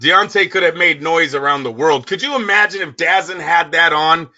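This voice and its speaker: A man co-hosting a boxing radio talk show, ranting loudly and swearing often in heated sports talk. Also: on the high side, normal speed, lo-fi sound. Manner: loud, profane, ranting.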